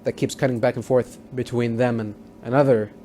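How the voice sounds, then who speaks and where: A man's voice: medium pitch, steady tone, a little fast, mellow, a little hiss or hum. A man casually recapping a TV episode as a reviewer, rambling with many fillers and restarts. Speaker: TV show reviewer.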